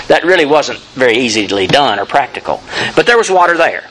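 A man's voice: on the high side, big pitch swings, fast talker, fairly bright tone, rough recording. A man preaching an expository sermon, reading scripture dramatically and addressing the congregation directly. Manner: emphatic rising lines, addresses congregation directly.

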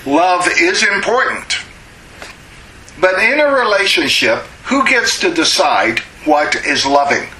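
A middle-aged man teaches a Bible study in a conversational sermon style, asking rhetorical questions and pausing with frequent "uh"s. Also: high voice, big pitch swings, bright, forceful tone, slight background noise, low-quality recording.

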